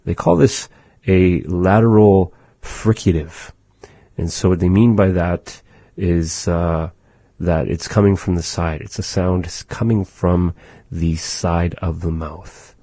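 A man teaching his people's language, going slowly and patiently, with many pauses, and repeating words for practice. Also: low-pitched, fairly even intonation, dark tone, no room sound. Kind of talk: pronunciation lesson.

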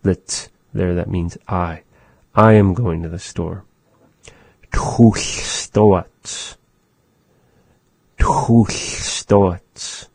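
A man giving a casual language lesson, explaining thoughtfully and softly repeating phrases. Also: low voice, gravelly, no echo. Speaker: language teacher.

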